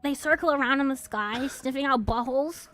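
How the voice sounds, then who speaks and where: A woman's voice: high voice, a little fast, a bit bright, soft background music. A woman streamer in casual chat, giggly, playful and rambling.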